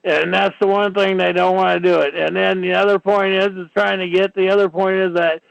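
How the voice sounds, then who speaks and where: A man's voice: sits high, level tone, fairly quick, vocal fry, dry recording. A man hosting a talk radio show, ranting in a rambling monologue packed with "you know"s, on dull lo-fi audio. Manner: ranting, filler-heavy, many "you know"s.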